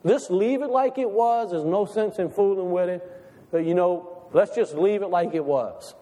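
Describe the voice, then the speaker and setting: Male pastor, high tenor, chatty down-home sermon delivery, long hall reverb. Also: normal speed, dark tone. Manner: folksy, conversational preaching with rhetorical questions.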